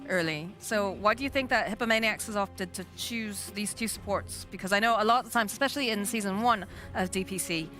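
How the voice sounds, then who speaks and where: A woman's voice: mid-range voice, a little fast, few pauses, fairly bright tone, faint music behind. A woman casting a live esports match who questions her co-casters about their draft reasoning. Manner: inquisitive, asks co-casters questions.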